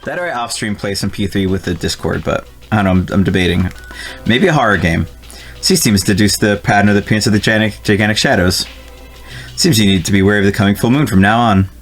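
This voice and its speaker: A man's voice: fairly low pitch, fast talker, soft background music. A man from New Jersey streaming a video game, chatting casually with his viewers, laughing and swearing often as he reads the game text aloud. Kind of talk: casual let's-play commentary.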